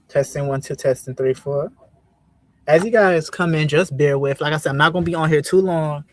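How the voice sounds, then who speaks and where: A man hosting his own channel, chatting casually and loosely on a livestream, with slangy talk and many fillers. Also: on the high side.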